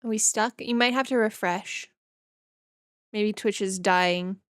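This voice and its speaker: A woman's voice: mid-range voice, measured pace, fairly bright tone, dry recording, clean studio sound. A woman from northern Canada, a streamer chatting casually with her viewers in a rambling, easygoing way as she reads and answers chat.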